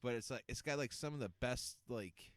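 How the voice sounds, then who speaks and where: A man's voice: medium pitch, brisk, a bit bright, no echo, clean studio sound. A man co-hosting an internet radio show, chatting casually, laughing often and quoting film lines. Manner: laughing, quotes movie lines. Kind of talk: casual podcast banter.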